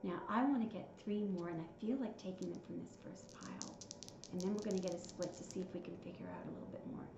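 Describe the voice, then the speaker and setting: Soft music plays behind a woman giving a tarot reading in a fairly low voice, talking fast as she counts out the cards and muses with feeling on their messages. The audio sounds roomy and slightly dull, with a noisy background.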